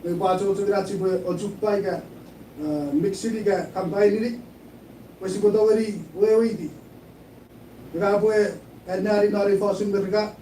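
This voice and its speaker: A man with a high, mellow voice preaches in a sermon, often repeating his phrases. He sounds a little distant from the mic, in an echoey room. A faint hiss sits under his voice. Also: steady tone, normal speed, pauses often. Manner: preaching, mixing English with Chuukese, repeating phrases. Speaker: pastor.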